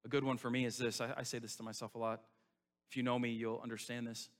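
A man's voice: medium pitch, little pitch movement, quick pace, big-room sound. A male pastor preaching a sermon in an emphatic, conversational way, full of rhetorical questions.

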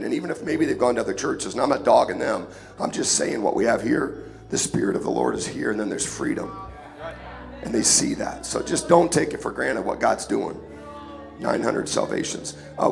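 A man preaching a casual, joking sermon in church, hoarse and sniffling from a cold, often calling for an amen. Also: medium pitch. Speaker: guest preacher. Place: church sanctuary. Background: music.

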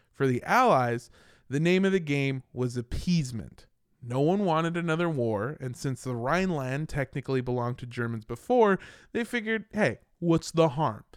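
An American man narrates history on a casual comedy podcast, throwing in crude jokes and asides. His voice is smooth and resonant, sitting a little high. The recording is dry and close. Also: dry recording. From United States. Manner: irreverent, swearing, jokey asides while narrating.

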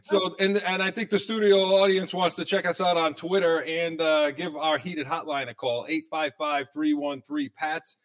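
A man hosting a sports talk show, talking casually in an animated, excitable way. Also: fairly high pitch, normal speed, few pauses.

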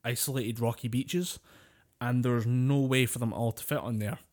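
A man's voice: medium pitch, steady tone, moderate pace, a little mellow. A man co-hosting a casual podcast, telling a story with a lot of swearing and laughter. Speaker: podcast co-host. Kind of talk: casual chat.

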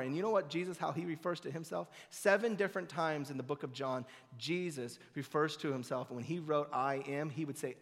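A man preaching a sermon as a guest pastor, swinging between loud, emphatic declarations and hushed, intimate passages. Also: high-pitched, in a large hall. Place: church sanctuary.

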